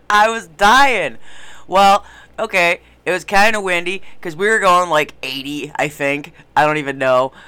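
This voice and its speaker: A woman's voice: on the low side, unhurried, sharp tone, smooth, no room sound. A woman co-hosting a casual podcast, telling a story while laughing often. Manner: giggly, laughs through stories. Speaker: podcast co-host. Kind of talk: casual chat.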